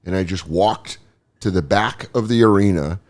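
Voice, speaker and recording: A middle-aged man hosting a podcast, telling a story casually, swearing freely and acting out other people in high silly voices. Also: normal speed. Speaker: podcast host.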